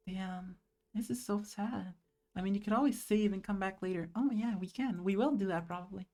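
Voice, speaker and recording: An animated woman streamer riffing through a visual novel, joking and cursing as she goes. Her voice sits at a middle pitch. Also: normal speed. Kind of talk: casual gameplay commentary.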